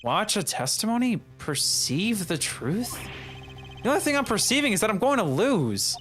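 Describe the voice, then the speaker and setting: A man's voice: high-pitched, very animated, normal speed, a bit bright, pitched above the performer's own voice. A man voicing a flustered young defense lawyer. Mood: doubtful. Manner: flustered, stammering. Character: young male defense attorney, nervous but earnest. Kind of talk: fan voice acting of a game. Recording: faint game music behind.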